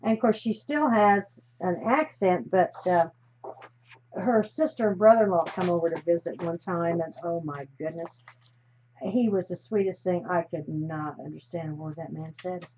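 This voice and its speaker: A woman's voice: on the low side, moderate pace, darkish tone. A woman from the United States hosting a live stream while she crafts, talking in a chatty, rambling way that often trails off mid-sentence. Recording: slightly dull, faint hiss.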